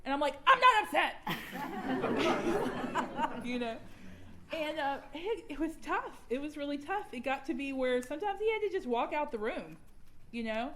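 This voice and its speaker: A woman's voice: high-pitched, animated, normal speed, a little hiss or hum. A young adult woman, candidly sharing her personal recovery story at a workshop and laughing at herself now and then. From Georgia, US.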